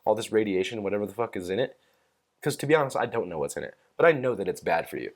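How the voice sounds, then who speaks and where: A man's voice: lowish voice, animated, racing. Young man rambling through a profane rant. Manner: profane, rambling storytelling with many fillers; amused, laughs at own stories. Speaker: podcast host. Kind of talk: casual solo rant.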